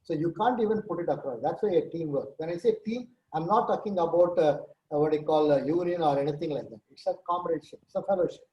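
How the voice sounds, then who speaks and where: Animated man in echoey room. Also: fairly high pitch, fast talker, few pauses, lo-fi sound. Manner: animated storyteller, acts out quoted dialogue. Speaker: guest speaker, senior nurse leader. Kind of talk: conversational talk-show answers with examples.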